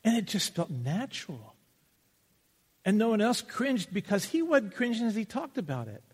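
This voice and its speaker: A man's voice: high voice, normal speed, breathy edge. A man preaching a sermon from Texas, telling stories conversationally and acting out the quotes. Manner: conversational, animated storytelling with acted-out quotes. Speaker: pastor. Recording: long reverb of a large hall.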